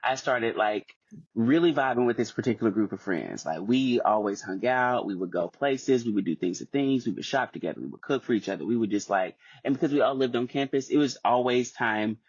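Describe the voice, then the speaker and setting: Husky-voiced man, reflective co-host. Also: mid-range voice, expressive, brisk, no echo. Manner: affirming, reflective, thinking aloud. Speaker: podcast co-host. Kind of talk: casual chat. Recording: dull, dry, lo-fi.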